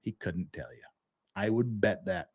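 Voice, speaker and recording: A man's voice: low-pitched, lively intonation, a little slow, darkish tone. A man hosting a live-stream legal commentary show, ranting in a profane, sarcastic and exasperated way.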